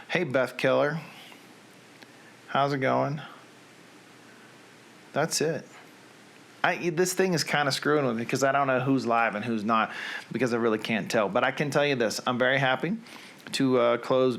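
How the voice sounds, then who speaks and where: A man's voice: mid-range voice, a bit bright. Man, 40s, live-stream host, rambling, chuckling, casual chat. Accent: Southern US, put on for the readings.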